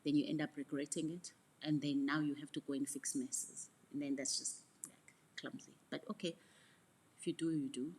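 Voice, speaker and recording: A middle-aged woman coaches her listeners in a frank, reflective motivational talk. Her voice sits low and slightly husky. She often repeats words and drops into soft asides. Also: flat delivery, normal speed. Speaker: mentorship coach.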